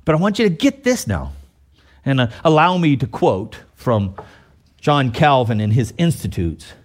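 A man preaching a sermon, reading scripture slowly and emphatically, with sudden loud, exclaiming peaks. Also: medium pitch, big pitch swings. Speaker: pastor.

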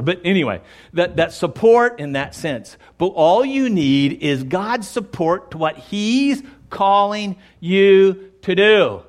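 A man's voice: a little high, expressive, a little slow. A man preaching a sermon, speaking emphatically and addressing the congregation directly, and sometimes acting out quoted voices. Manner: acts out quoted voices in dialogue. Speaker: pastor.

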